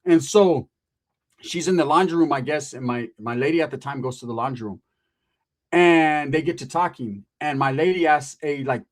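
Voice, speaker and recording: A middle-aged man with a slightly high voice casually tells a story from his past at a moderate pace as a podcast guest, packing it with profane street slang and quoted dialogue.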